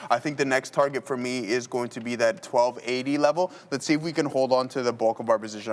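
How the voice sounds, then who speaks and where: A man hosting a live day trading stream, chatting casually with viewers and talking through his trades as he makes them. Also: mid-range voice.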